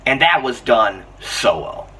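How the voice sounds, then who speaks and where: A man giving a casual, excited film review, chatty and full of fillers, often laughing. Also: mid-range voice, slow pace, breathy edge. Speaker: movie reviewer. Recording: voice a bit far from the mic, faint background noise.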